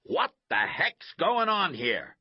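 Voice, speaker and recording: A man voicing a loud, brusque middle-aged gym coach in a storybook reading, slightly muffled recording. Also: fairly low pitch, very animated, measured pace, husky, dry recording, exaggerated voice. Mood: shouting. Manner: barking, brusque.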